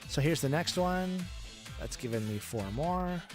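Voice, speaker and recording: With music in the background, a male game developer talks through playtesting his own title as casual commentary. He's chatty and thinks aloud, restarting as he goes, in a slightly high, expressive voice at a measured pace.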